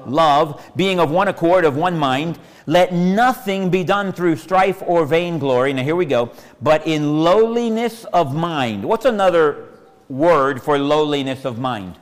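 A man's voice: fairly high pitch, lively intonation, a little slow. Male pastor preaching, folksy and repetitive, raised voice, reverberant sanctuary. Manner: folksy, asks the congregation questions, repeats phrases. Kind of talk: sermon. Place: church sanctuary. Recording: long hall reverb.

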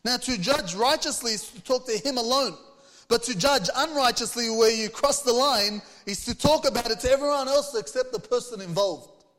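A man's voice: very high-pitched, moderate pace, fairly bright tone, long reverb tail. A man preaching a sermon, reading scripture aloud and putting earnest rhetorical questions to the congregation. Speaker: pastor.

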